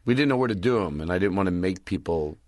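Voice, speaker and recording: Fired-up guy on a podcast, lowish voice, talks with his whole chest, super dry room. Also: fast talker, no room sound. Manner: passionate, animated storyteller. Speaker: podcast guest. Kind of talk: casual chat.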